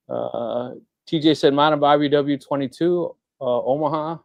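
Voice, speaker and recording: A middle-aged man co-hosting a live maker Q&A in casual chat, telling stories and acting out the voices of people he quotes. His voice sits at a medium pitch and is recorded close and dry, with no room sound. It is the sound of a relaxed livestream talk among hobby makers. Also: creaky, no echo, lo-fi sound. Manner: chatty storyteller who acts out quoted voices.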